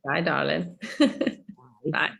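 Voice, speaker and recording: A woman's voice: low-pitched, fairly even intonation, slow pace, gravelly, bright, forceful tone. A middle-aged woman life coach running a live online coaching session over a video call, chatty and laughing often.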